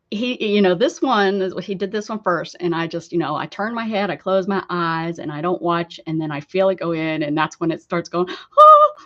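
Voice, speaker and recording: A woman with an American accent and a mid-range, slightly bright voice chats loosely on an art stream, laughing and responding to comments. The audio is somewhat dull lo-fi stream quality.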